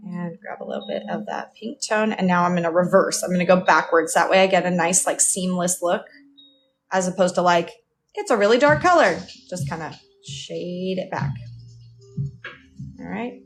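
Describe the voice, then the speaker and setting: A cartoon artist livestreams a casual drawing tutorial, speaking at a moderate pace in a lowish voice. She talks through every step and chats with viewers, thanking them by name. The recording is low quality, with music playing behind her.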